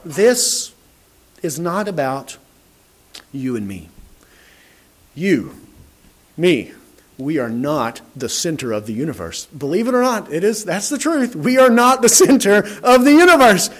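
Male preacher, sermon delivery, higher voice, lively and given to repeating himself. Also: measured pace, long pauses. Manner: animated, acts out quoted dialogue, repeats words when starting.

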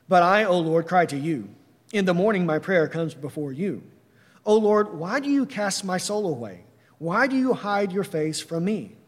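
Earnest man preaching in a reverberant hall. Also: high voice. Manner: earnest, reads slowly then explains with "right?". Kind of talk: sermon with scripture reading.

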